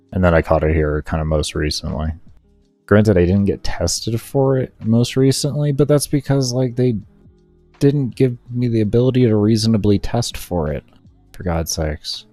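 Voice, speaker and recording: A young male gaming streamer with a very low, mellow voice. He chats casually with his viewers, then rants and swears hard at his own mistakes. The sound is close and dry, with faint music underneath. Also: a little slow, no echo. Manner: swears heavily, rants and berates himself when frustrated; chats with viewers in a relaxed, rambling way. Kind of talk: casual live-stream chat while gaming.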